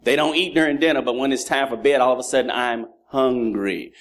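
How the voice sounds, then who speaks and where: A man in his thirties delivers a sermon in a mid-range voice at a rapid-fire clip. He's animated, blending funny stories about his sons with lessons on fatherhood and acting out his children's voices.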